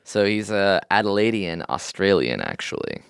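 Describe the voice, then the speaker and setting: A man's voice: sits low, big pitch swings, normal speed, vocal fry, a bit bright, clear, resonant tone, no echo, clean studio sound. A man co-hosting a comedy advice podcast, chatting casually, laughing and teasing playfully. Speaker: podcast co-host.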